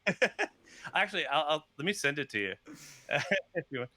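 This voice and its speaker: A man, a software developer, chatting as a podcast guest over a video call, laughing often and talking in quick rambling bursts. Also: a little high, big pitch swings. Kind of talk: casual video-call chat.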